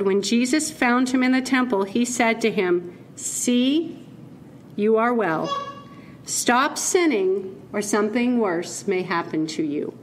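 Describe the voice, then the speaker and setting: A woman giving a keynote talk as a conversational sermon, playful and animated and laughing at her own asides. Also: fairly high pitch, slight background noise. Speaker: keynote speaker.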